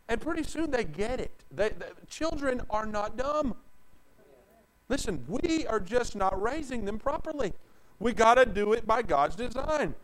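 A pastor with a notably high voice preaches to his congregation. He is emphatic, rises to loud declarations, then drops into hushed asides, drawing out scripture slowly. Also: low-quality recording. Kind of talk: sermon.

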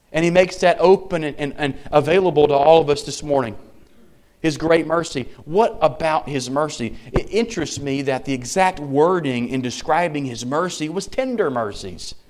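A man in his thirties preaching a sermon, swinging between loud, emphatic lines and soft, near-whispered ones. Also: fairly high pitch, normal speed. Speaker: pastor.

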